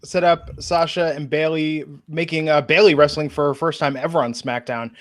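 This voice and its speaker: Fairly high-voiced podcast guy running through the recap, tossing questions to the others. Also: fairly even intonation, normal speed. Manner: recaps events, asks the panel questions. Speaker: podcast co-host. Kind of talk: casual podcast chat.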